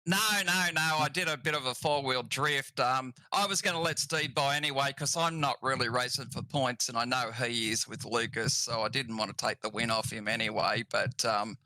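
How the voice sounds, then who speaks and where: A racing driver with an Australian accent, talking in a laid-back, offhand way after a race. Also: male voice, mid-range voice, fairly even intonation, moderate pace, few pauses, sharp tone, no echo, rough recording. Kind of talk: relaxed post-race interview.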